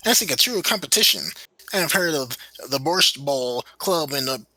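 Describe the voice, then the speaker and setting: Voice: mid-range voice, animated, normal speed, bright, forceful tone, no room sound, poor audio. A performer voicing a formal, theatrical male gambler in a fan-voiced game playthrough. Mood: mysterious. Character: smooth male card-playing gambler.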